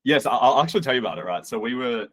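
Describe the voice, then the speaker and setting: A man's voice: medium pitch, rapid-fire, no echo. A young man from Australia, a podcast guest, telling travel stories casually and animatedly, acting out quotes. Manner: animated, acts out quotes, swears. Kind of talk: casual storytelling.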